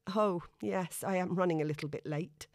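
Woman playing a rushed young woman running late, quick and a bit higher, dry close sound. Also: a little mellow, dry recording, lightly acted. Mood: hurried. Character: harried young woman Zoe, rushed and apologetic.

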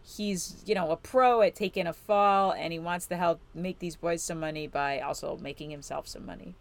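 A woman's voice: lowish voice, moderate pace, gravelly. A woman from Illinois co-hosting a podcast, recapping a TV episode in casual chat, rambling and giggly with lots of fillers. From Illinois, USA. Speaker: podcast co-host.

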